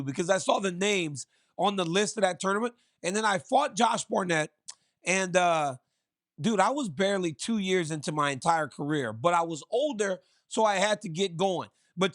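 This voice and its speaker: A man co-hosting a casual talk show, telling animated stories and laughing through them. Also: high-pitched. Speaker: co-host.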